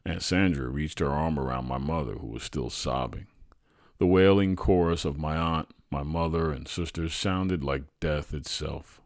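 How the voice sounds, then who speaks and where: A man hosting a podcast, reading a true family story aloud in an expressive, animated way. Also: a bass voice, normal speed, no echo, studio quality. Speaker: podcast host and narrator.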